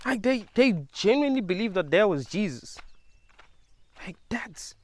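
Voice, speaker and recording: A man's voice: sits high, big pitch swings, a little fast. A man talking casually to his viewers in a rambling monologue, laughing often and leaning on fillers. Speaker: video creator.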